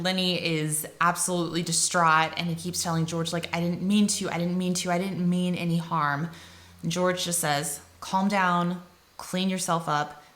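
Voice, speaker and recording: A woman summarizing and analyzing a novel for students in a casual video lesson, retelling scenes with quick paraphrased character quotes. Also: on the low side, bright, forceful tone. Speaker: teacher explaining a novel.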